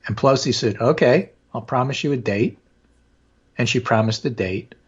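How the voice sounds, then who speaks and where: A man hosting a political talk show with a hoarse voice, talking casually and discursively with many fillers. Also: medium pitch, moderate pace, lo-fi sound. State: hoarse from allergies.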